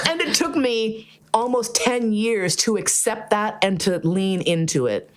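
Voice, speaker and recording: A woman telling stories with a lively, swooping voice that rises and falls freely. She swears casually, laughs through her lines and slips into other people's voices as she quotes them. Her pitch sits in a middle range. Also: unhurried. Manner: profane, animated, laughs often; acts out quoted dialogue. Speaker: guest speaker on BDSM. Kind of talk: casual storytelling.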